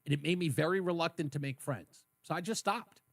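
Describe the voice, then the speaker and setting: A man hosts a call-in radio show with a high, bright voice. He talks in an animated, joking way and laughs at his own puns. The studio sound is dry and close. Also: fairly quick, gravelly, no room sound. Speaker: radio talk show host. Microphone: studio microphone.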